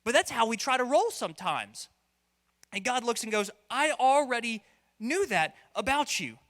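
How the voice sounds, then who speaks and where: A man's voice: sits high, fairly bright tone, in a large hall. A man preaching a sermon as pastor, conversational and playful, now and then acting out voices. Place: church hall.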